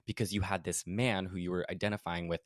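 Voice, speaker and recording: Brief: low-voiced young male podcast host, casual, chatty, dry close sound. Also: steady tone, fast talker, no room sound. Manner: chatty, heavy use of "like" and "you know". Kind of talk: casual conversational discussion.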